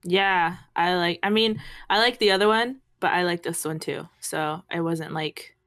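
A woman's voice: lowish voice, a little slow, dry recording. Woman cohost rambling with lots of likes and ums, dry voice. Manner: relaxed, rambling, many fillers. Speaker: podcast co-host. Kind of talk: casual podcast chat.

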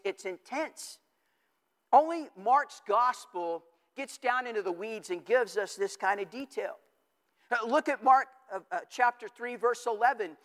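A man's voice: extremely high pitch, a bit bright. A man preaching a sermon as pastor, often repeating words as he builds a point and asking the congregation questions. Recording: long hall reverb.

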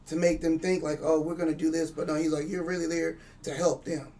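A man's voice: fairly high pitch, level tone, a little fast, few pauses, mellow, far from the mic. A man telling a spiritual story in casual chat, rambling and profane, acting out the dialogue. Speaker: guest.

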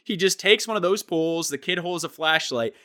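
A young man telling a funny story in casual chat, animated and acting out what people said. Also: sits high, fairly quick.

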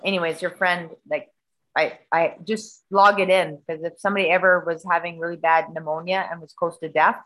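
A middle-aged woman spins a rambling story in casual conversation, swearing freely as she goes. Her voice is bright and forward. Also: on the low side, fairly quick, poor audio. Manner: profane, rambling, animated.

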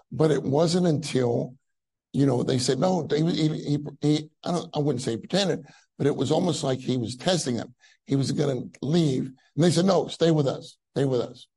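A man's voice: mid-range voice, vocal fry, warm tone, breathy edge, rough recording. A man preaching a conference sermon in a conversational way, with many fillers and rising emphasis on key phrases.

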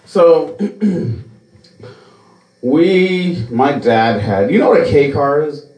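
A man's voice: fairly high pitch, lively intonation, extremely slow, darkish tone, roomy sound, low-quality recording. A man hosting a podcast, telling a story in a casual, profane way. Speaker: podcast host.

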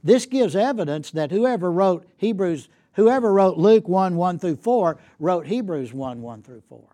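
A man's voice: high-pitched, animated, measured pace, dark tone. A man giving an academic lecture as a guest speaker, emphatic and repeating key points for effect. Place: lecture hall.

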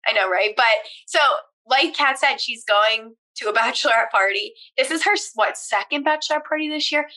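A young woman from Pennsylvania talks through a relaxed chat with a friend in a bright, slightly high voice. Her speech runs loose and easy, full of "like" and casual swearing. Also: brisk. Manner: chatty, filler-heavy with "like", casual swearing. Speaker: podcast co-host.

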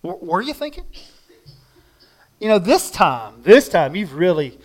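A preacher acting out Jesus as a grown man, speaking one to one in an earnest, personal way, plain-spoken and direct. The voice sits notably high for a man. It is a sermon illustration delivered as an intimate conversation rather than a grand pronouncement. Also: very animated, a little slow, exaggerated voice. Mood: disappointed. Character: imagined Jesus, adult man, speaking to a listener.

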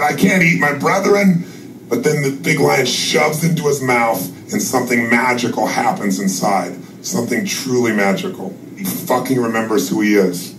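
A man's voice: medium pitch, noisy background. A man telling a parable as a motivational speaker, profane and building his talk up. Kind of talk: storytelling pep talk. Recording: echoey room from far off with music.

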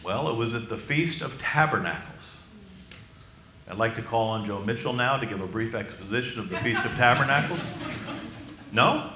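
A man preaching a sermon as pastor, emphatic and slowing down for key phrases while asking the congregation questions. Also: medium pitch, lively intonation, bright, forceful tone, echoey room, a little hiss or hum.

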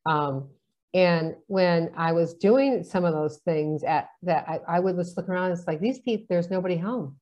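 A woman's voice: fairly low pitch, measured pace, darkish tone. A woman in casual conversation, chatty, telling stories and acting out the dialogue in them. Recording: dull lo-fi sound.

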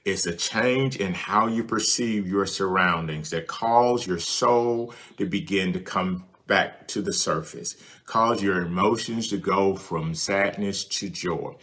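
Male preacher, deep voice, bright forceful tone, earnest, repeats his points, speaks to the listener. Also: takes it slowly, few pauses. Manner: earnest and repetitive, addressing the listener directly. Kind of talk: sermon with prayer ministry.

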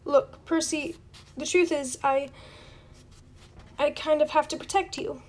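A woman's voice: high voice, steady tone, a little slow. A woman reading a storybook aloud and voicing a nervous, stammering teenage boy satyr. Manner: jittery, stammering, pleading.

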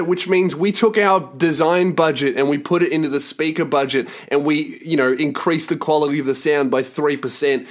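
A man's voice: on the high side, steady tone, moderate pace, hardly any pauses. A man with an Australian accent hosting a solo podcast, ranting profanely and exasperated, recorded in a small cramped home studio. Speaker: podcast host.

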